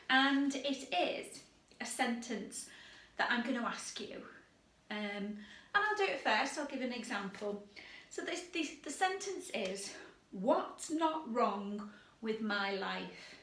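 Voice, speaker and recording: A woman leading a drama warm-up video, chatty and lively, calling out game commands with energy. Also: on the high side, measured pace, far from the mic. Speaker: drama workshop leader. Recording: echoey room, voice away from mic.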